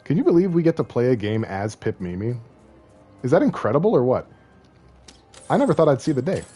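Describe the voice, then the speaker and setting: A man's voice: mid-range voice, big pitch swings, a little fast, mellow, slightly rough, faint music behind. A man streaming a video game, chatting casually and joking, rambling and slipping into silly voices. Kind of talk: casual gaming livestream commentary.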